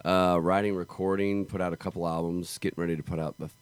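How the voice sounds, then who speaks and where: Deep-voiced laid-back man, dry mic. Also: level tone, fast talker, smooth, no echo. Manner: laid-back, profane, laughs easily. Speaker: touring country musician guest. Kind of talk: casual podcast chat.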